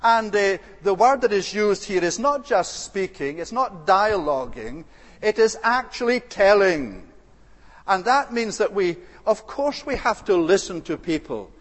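A man with a high-pitched voice preaches a sermon. His delivery is earnest and deliberate, with occasional hesitant fillers. The sound carries a long reverb, like a church hall. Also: very animated.

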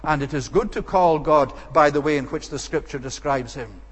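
A man delivers an expository sermon and stresses his points with repeated, emphatic phrases. His voice sits a little high for a man. It rings out with a long reverb, as in a church sanctuary. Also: normal speed, fairly bright tone. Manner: emphatic, repetitive rhetorical phrasing. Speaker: preacher.

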